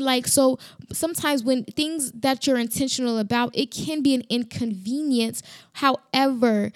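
A woman's voice: high voice, unhurried, no echo, studio quality. A woman hosting a faith podcast, giving a fervent, emphatic devotional talk with frequent restarts.

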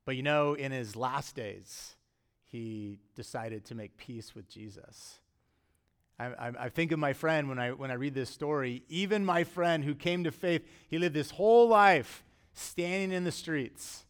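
A middle-aged man preaching a sermon as pastor, earnest and conversational, with emphatic rises and quiet drops. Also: fairly high pitch, measured pace, clear, resonant tone.

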